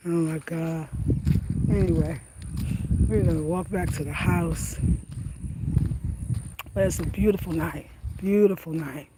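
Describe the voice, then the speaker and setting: A woman with a lowish voice speaks at a measured pace with long pauses over heavy background noise. Chatty and slangy, she laughs often while vlogging casually to camera, first outdoors at night on a country road and then at home.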